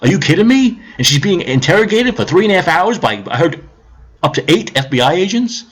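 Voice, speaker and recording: A man's voice: sits high, big pitch swings, fairly quick, breathy edge. A man ranting on a live stream about politics, heated, sarcastic and profane, repeating his points.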